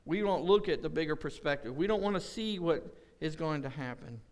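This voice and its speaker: High, clear-voiced joking preacher man. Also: expressive, a little fast. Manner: joking, folksy storytelling with acted-out quotes. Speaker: pastor. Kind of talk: casual conversational sermon. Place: church service.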